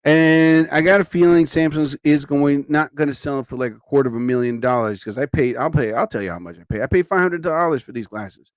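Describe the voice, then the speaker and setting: A man on the high side talks briskly with hardly any pauses while hosting a casual live stream. He's tired and sleepy, rambling along with frequent exclamations. The recording, made on a studio mic, is dry.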